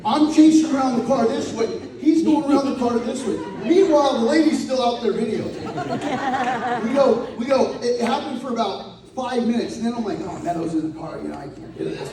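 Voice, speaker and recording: A man giving a profane, comic eulogy at a memorial gathering, acting out the voices of the people in his stories. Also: high-pitched. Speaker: eulogy speaker. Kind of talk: storytelling at a memorial. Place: hall at a celebration of life. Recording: echoey hall from far off.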